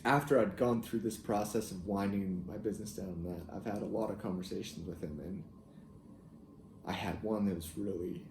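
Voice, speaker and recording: A young man telling a personal family story in a halting, reflective way, with soft laughs. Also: low voice, a little hiss or hum. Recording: echoey room with faint ambience.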